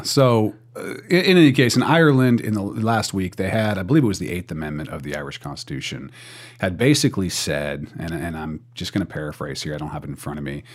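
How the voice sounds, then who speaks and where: Deep husky man, wry chat. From United States. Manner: chatty, wry, many restarts and fillers. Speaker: podcast co-host. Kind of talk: casual podcast chat.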